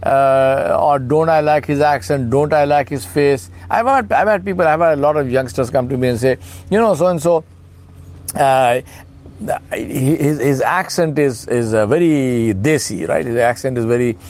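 A man's voice: medium pitch, normal speed, darkish tone. A middle-aged man preaching in a conversational way, asking rhetorical questions and acting out little dialogues. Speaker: Islamic speaker. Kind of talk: informal sermon talk.

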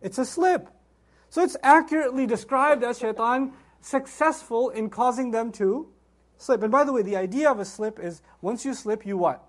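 Male Islamic speaker, animated, poses rhetorical questions. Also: very high-pitched, normal speed. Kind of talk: religious talk.

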